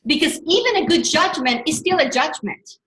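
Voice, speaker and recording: A middle-aged woman coaching a workshop, talking in an animated, rambling way with many restarts and self-corrections. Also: sits high, moderate pace, echoey room, low-quality recording. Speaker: business coach. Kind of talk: motivational workshop talk.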